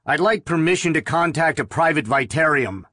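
A man's voice: a little high, lively intonation, normal speed, pushed and bright, no room sound, studio quality. A man reading the lines of a tired, fed-up police officer on night duty in an audiobook. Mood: weary. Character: weary adult male police officer on night patrol.

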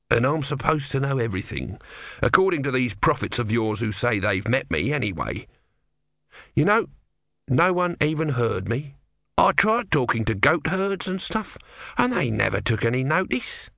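A man's voice: medium pitch, gravelly, fairly bright tone, dry recording, studio quality, pitched above the performer's own voice, full character voice. A man voicing a grumpy male god trapped as a tortoise, petulant and offhand in an audiobook. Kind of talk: audiobook character voice.

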